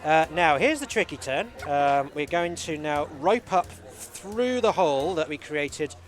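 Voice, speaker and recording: A speedrunner talking through his own game run live, explaining each move in a steady, easy way with many fillers. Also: a little high, measured pace, faint music behind.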